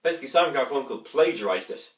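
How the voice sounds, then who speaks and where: A man talks through an unboxing in a rambling, excited way, humming and thumping out instrument parts as he goes. He sits well back from the mic in a room with a roomy echo. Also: medium pitch, fast talker, recorded from a distance. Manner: enthusiastic, rambling, imitates instruments with his voice. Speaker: music reviewer.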